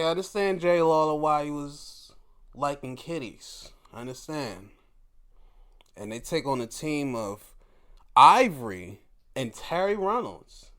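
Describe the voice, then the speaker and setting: A young man giving a casual, animated solo recap, laughing often and acting out quotes in put-on voices. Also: on the high side. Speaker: wrestling review host.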